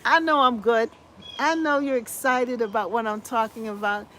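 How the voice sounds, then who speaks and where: A woman's voice: fairly high pitch, fairly even intonation, moderate pace. A woman with a scratchy voice hosting a casual gardening livestream, chatting to viewers and reading their comments, effusive and upbeat with lots of repeated phrases and exclamations of hallelujah. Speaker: gardening channel host.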